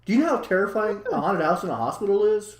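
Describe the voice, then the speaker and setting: Man, thirties, high lively voice, roomy echo, animated storyteller. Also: fast talker. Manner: animated storyteller, acts out quotes. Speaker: podcast co-host. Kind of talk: casual chat.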